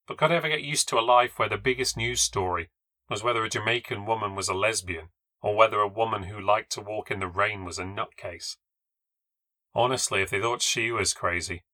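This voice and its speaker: A man narrating a first-person ghost story from a script, in a wry, measured and reflective way. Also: on the low side, bright, forceful tone, dry recording. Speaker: podcast narrator.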